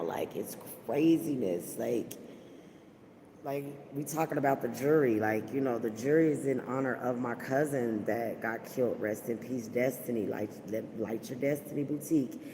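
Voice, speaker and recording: Her voice is a rumbling, mellow low, with a long reverb tail and slight background noise. She's a podcast host livestreaming from her workplace, chatting casually and heartfelt with viewers, her talk full of fillers and mentions of faith.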